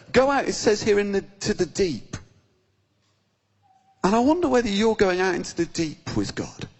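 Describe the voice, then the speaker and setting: A middle-aged man gives a sermon in a church, his fairly high voice carried by a long reverb. He preaches in a lively storytelling way, slipping into the voices of the people in his stories. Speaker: bishop preaching.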